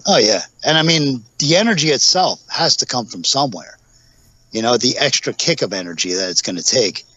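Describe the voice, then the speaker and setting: Male guest, 40s, chatty anecdotal storyteller, mid pitch, muffled podcast audio. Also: expressive, fairly quick, pushed and bright, breathy edge. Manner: rambling storyteller, acts out quotes with laughs. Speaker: guest, professional wrestler. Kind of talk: casual podcast interview.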